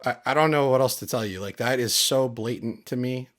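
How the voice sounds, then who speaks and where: A man's voice: medium pitch, fairly quick, fairly bright tone. A man hosting his channel, talking casually and emphatically, aggrieved and repeating his points. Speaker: channel host. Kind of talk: casual commentary.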